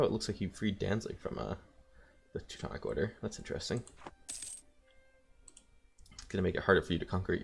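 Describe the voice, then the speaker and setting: A man's voice: fairly low pitch, creaky. A man casually commenting while playing a strategy game, thinking aloud with wry asides. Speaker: let's play host.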